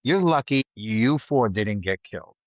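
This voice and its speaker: A middle-aged man, a retired trooper, telling a story in a blunt, vivid way, loudly acting out the lines of the people he quotes. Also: fairly low pitch, lively intonation, unhurried, dry recording, lo-fi sound. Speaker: retired state trooper guest. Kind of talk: casual storytelling in a podcast interview.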